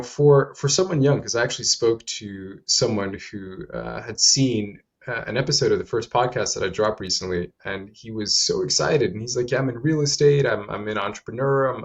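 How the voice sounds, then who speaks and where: A man hosts an interview from a remote call, his mid-pitched voice a little muffled by the line. He frames long, winding questions. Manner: frequent short backchannels, wordy questions. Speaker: podcast host. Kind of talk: casual interview conversation.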